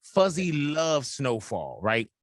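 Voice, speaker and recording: A man hosting a casual interview, playful and quick to riff. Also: on the high side, very animated, no room sound, clean studio sound. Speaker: host.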